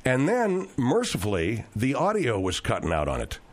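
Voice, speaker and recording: A man's voice: mid-range voice, huge pitch swings, normal speed. A man hosting a radio talk show, telling rambling, digressive stories with frequent restarts.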